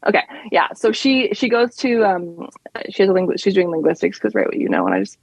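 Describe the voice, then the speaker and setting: Canadian woman with a slight lisp, gravelly. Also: fairly low pitch, wildly swooping pitch, dry recording, poor audio. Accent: Central Canadian. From Central Canada. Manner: chatty, self-deprecating, quick laughs. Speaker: author guest. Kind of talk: casual podcast interview.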